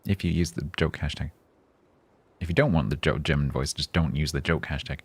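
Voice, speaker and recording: Low-voiced joking male streamer. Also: brisk, breathy edge, dry recording. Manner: rambling, joking, self-mocking. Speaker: game streamer. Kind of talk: casual live-stream chat.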